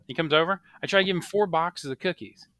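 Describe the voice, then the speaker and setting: A man's voice: on the high side, quick pace, no room sound. A man in his thirties co-hosting a podcast, telling stories in casual chat and acting out the voices of people in them. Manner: animated storyteller, acts out quoted voices. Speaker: podcast co-host.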